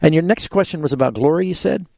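A man's voice: a little high, fast, gravelly, a little mellow, no room sound. A man hosting a call-in Bible radio show, patiently explaining scripture to callers with frequent fillers. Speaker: radio Bible program host.

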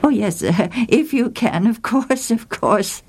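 A woman's voice: fairly high pitch, lively intonation, slow pace, background noise. A woman reading aloud, voicing a flustered, polite male monastery librarian who hesitates and stammers on the phone. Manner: hesitant, many uh fillers, polite.

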